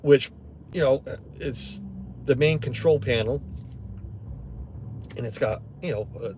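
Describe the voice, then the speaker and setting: A man's voice: medium pitch, slow pace, darkish tone, a little hiss or hum. A middle-aged man hosting a live stream from inside his truck, rambling casually and greeting viewers by name.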